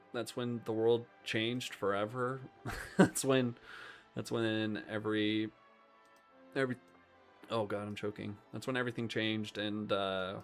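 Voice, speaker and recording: A man's voice: fairly low pitch, a bit bright. A young man hosting a live stream, chatting casually about movies in a rambling way, with lots of ums and half-finished thoughts. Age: young adult.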